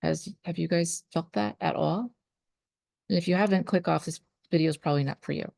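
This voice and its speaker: A woman's voice: lowish voice, a little fast, creaky, darkish tone, no echo, studio quality. A woman, a spiritual life coach, talking earnestly to her viewers about trust and surrender. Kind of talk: motivational talk to camera.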